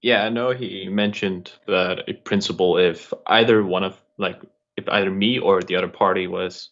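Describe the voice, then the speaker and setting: Caller, male, lowish voice, hesitant and polite, muffled call audio. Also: fairly even intonation, moderate pace, a bit bright. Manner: hesitant, polite, laughs shyly. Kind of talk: asking questions on a video call.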